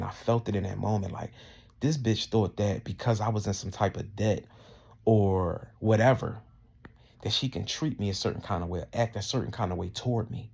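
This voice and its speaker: A man's voice: lowish voice, gravelly, warm tone. A man ranting heatedly and indignantly, full of profanity, his voice climbing as he gets worked up. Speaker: vlogger. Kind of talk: casual profane rant to camera.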